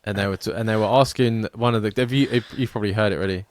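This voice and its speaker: A man's voice: fairly low pitch, fairly even intonation, rapid-fire, dry recording. A man co-hosting a podcast in casual, rambling, sweary chat. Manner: rambling, sweary, laughs a lot. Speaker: podcast co-host.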